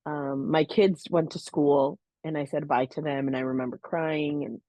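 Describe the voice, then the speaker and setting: A woman's voice: deep voice, steady tone, moderate pace, mellow, dry recording. A woman co-hosting a podcast, earnestly telling her own story in a heartfelt, casual way, with many "you know"s and "um"s. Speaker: podcast co-host. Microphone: podcast microphone.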